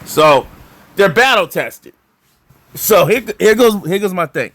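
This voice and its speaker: A man chatting casually about basketball as a vlogger, animated and excitable, with lots of fillers and repeated words. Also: high-pitched, slow. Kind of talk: casual sports talk.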